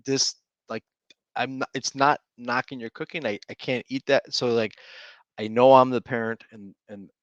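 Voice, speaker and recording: Laughing dad telling stories, lo-fi. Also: male voice, mid-range voice, normal speed, dry recording. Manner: animated storyteller, laughs often. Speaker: podcast co-host. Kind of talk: casual podcast chat. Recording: dull, lo-fi dry sound.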